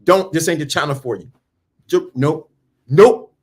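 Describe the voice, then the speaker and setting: A blunt man in his fifties speaking hosts his own channel and lectures in a preachy, repetitive way. He mocks the people he is turning away and keeps circling back to the same lines. His voice sits a little high for a man. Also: moderate pace. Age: 50s. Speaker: channel host. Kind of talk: blunt motivational monologue.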